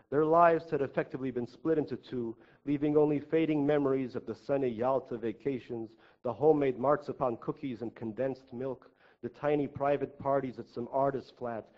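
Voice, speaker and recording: A male author reading his own fiction aloud at a writers' festival, with a wry, ironic delivery. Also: medium pitch. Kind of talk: live reading of literary prose. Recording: dull lo-fi live recording.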